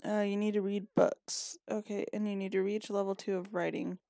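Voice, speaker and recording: A woman's voice: medium pitch, little pitch movement, normal speed, dark tone, no room sound, studio quality. A woman giving casual gameplay commentary, chatty and scolding her characters, a little sniffly and yawning. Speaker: gaming video creator.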